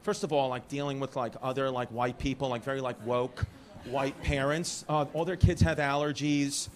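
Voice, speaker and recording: This stand-up from Brooklyn, New York, speaks at a normal speed in a steady, medium-pitched voice. He's brash and teasing with the audience, throwing in rambling asides during his crowd work at a comedy club. Laughter from the crowd comes through on the live recording.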